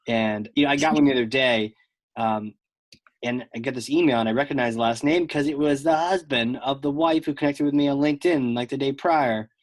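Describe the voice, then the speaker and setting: A man hosting a podcast in casual conversation, telling animated stories with plenty of fillers and restarts. His voice sits at an everyday pitch. The sound is dry and close, with no room around it. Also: brisk, no echo. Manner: animated storyteller, lots of fillers. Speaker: podcast host.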